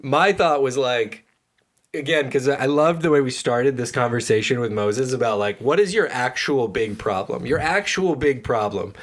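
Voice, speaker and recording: A man co-hosting a comedic Bible podcast, reading verses aloud and riffing on them in a casual, animated way. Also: mid-range voice, normal speed. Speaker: podcast co-host reading scripture.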